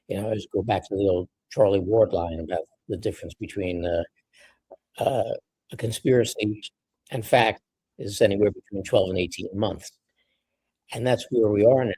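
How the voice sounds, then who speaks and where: A male host with a low, mellow, slightly husky voice guides a panel discussion. He talks in a measured, conversational way, and the recording is dry and close. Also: dry recording, low-quality recording. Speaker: show host.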